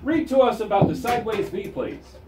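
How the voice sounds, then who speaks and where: A man's voice: sits high, brisk, over loud music. A man teaching a string class, drilling terms with call-and-response and counting the players in. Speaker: music teacher. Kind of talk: classroom instruction. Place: school music room with string ensemble. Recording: echoey room, recorded from far off, strings playing.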